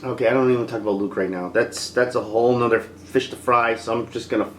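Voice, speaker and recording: A film reviewer ranting in an exasperated, animated way, acting out scenes as they go. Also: mid-range voice, quick pace, echoey room, slight background noise.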